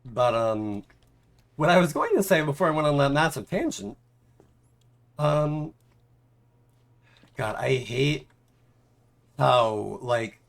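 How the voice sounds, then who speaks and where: A man's voice: mid-range voice, animated, slow pace, vocal fry, long pauses. A man streamer chatting casually, rambling off on tangents and filling his talk with "like" and "um.". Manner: rambling, filler-heavy, tangents. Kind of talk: casual chat.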